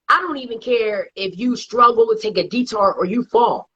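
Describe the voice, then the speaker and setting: A woman speaks with a husky, slightly breathy voice, driving her points home with repetition and conviction. Her emotion sits close to the surface. The audio is dull and low-fidelity, like a live video call. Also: moderate pace, few pauses, sharp tone. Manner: emphatic, faith-driven, repeats for stress. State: tearful, close to crying. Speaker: guest, TV host. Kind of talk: live interview conversation.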